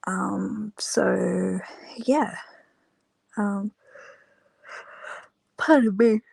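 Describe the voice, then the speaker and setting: A woman's voice: medium pitch, gravelly, a little mellow, breathy edge, dry recording. A tired woman vlogging casually about her candle business, rambling with lots of fillers. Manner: rambling, many fillers, unhurried. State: tired, yawning. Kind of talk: casual chat to camera.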